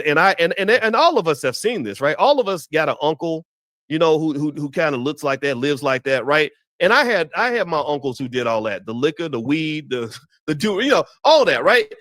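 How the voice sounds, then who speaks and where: A man's voice: medium pitch, a bit bright, dry recording, studio quality. A man giving impassioned, preachy opinion commentary while talking straight to his viewers.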